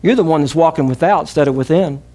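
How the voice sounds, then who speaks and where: Southern US pastor, middle-aged man, slightly high voice, emphatic preaching with call-and-response. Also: quick pace, warm tone. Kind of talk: sermon.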